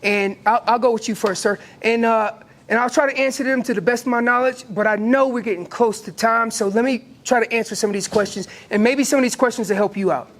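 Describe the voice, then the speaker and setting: A man with an American accent teaching an elk calling seminar, lively and acting out what the elk would say. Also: extremely high pitch, fairly quick. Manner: animated, acts out elk calls and voices. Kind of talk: hunting seminar talk.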